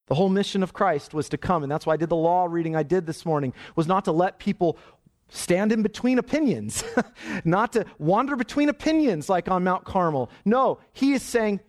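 A man's voice: sits high, animated, a little fast, darkish tone. A man preaching a sermon as pastor, reading scripture dramatically and shifting his pace as he goes.

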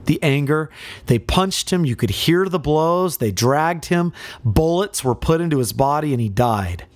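A man delivers a sermon with dramatic emphasis, firing off rhetorical questions. His pitch leaps and falls with great animation. The sound is dry and close, with no room around it. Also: expressive, unhurried, no room sound. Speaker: preacher.

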